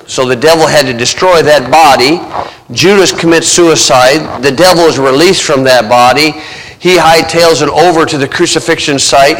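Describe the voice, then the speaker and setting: High, bright-voiced storytelling preacher. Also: male voice, long reverb tail, poor audio. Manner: vivid storytelling, shifting pace. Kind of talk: sermon.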